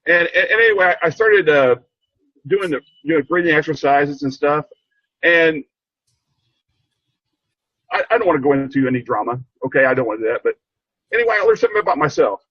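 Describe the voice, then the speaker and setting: An older man sharing a heartfelt story on a video call, earnest and halting, repeating himself as he gets choked up. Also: fairly high pitch, animated, slightly rough, dry recording, dull audio. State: emotional, choked up. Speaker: program participant sharing a story. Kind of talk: heartfelt rambling testimony.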